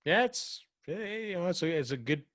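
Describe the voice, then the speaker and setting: A man's voice: sits high, moderate pace, dry recording. A man from Scotland with a Canadian accent, a podcast guest chatting casually and hedging with lots of fillers. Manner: relaxed, hedging with many fillers.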